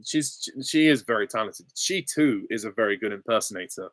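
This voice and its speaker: A man's voice: fairly low pitch, lively intonation, brisk, fairly bright tone, dry recording, studio quality. Easygoing, chuckling young man on a live Q&A. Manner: easygoing and chuckling, with short, offhand answers. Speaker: channel host. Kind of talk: casual live Q&A, reading out chat questions.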